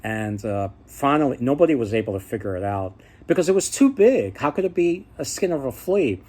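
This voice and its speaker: A man retells folk tales in a loose, chatty way and stops often to restart his sentences. His voice sits at an ordinary middle pitch. He sounds easygoing and unscripted. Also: big pitch swings, brisk, a little mellow. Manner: rambling, many fillers and restarts. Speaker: storyteller.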